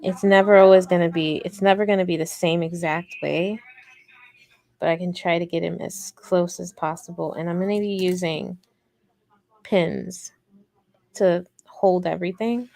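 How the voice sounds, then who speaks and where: A woman's voice: fairly low pitch, steady tone, normal speed, gravelly, darkish tone. A woman hosting a casual livestream crochet tutorial, chatty and rambling, talking directly to her viewers.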